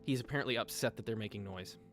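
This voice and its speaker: Casting: man running a tabletop game, quick and loose, fillers everywhere, soft music underneath. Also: lowish voice. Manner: rambling, filler-heavy narration. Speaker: game master.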